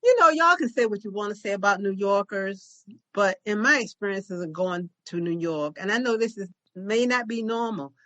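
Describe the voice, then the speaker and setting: An older woman, a podcast co-host, chatting casually and telling a long, lively story. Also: medium pitch, normal speed, no echo. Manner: chatty storyteller who acts out other people's lines. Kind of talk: casual chat.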